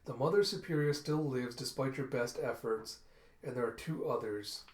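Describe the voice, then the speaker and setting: A man voicing a cold female inquisitor from a comic book, speaking slowly and calmly. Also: mid-range voice, reverberant, natural voice. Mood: measured.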